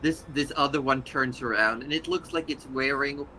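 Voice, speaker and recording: A man's voice: mid-range voice, normal speed, bright, forceful tone, slight background noise, low-quality recording. A man narrating as game master of a tabletop game, describing scenes in a loose, descriptive way.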